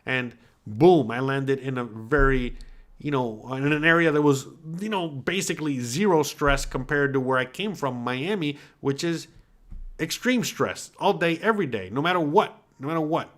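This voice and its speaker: A man's voice: medium pitch, moderate pace. Blunt, profane man talking casually. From United States. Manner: blunt, profane, animated with filler tags like "all right?". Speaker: podcast host. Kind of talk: casual livestream talk reading chat comments.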